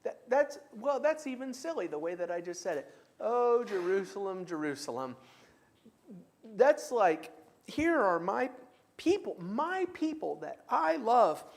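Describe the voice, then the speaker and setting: A man's voice: extremely high pitch, sing-song, measured pace, creaky. A man leading a church Bible class in a conversational way, taking comments and reading scripture aloud with emphasis. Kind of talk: church class teaching with discussion.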